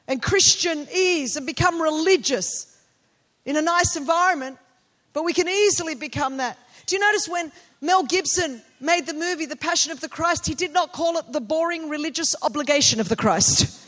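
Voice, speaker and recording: A middle-aged woman from Australia, a pastor preaching a sermon with personal stories, animated and building to passionate, shouted declarations. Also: high voice, normal speed.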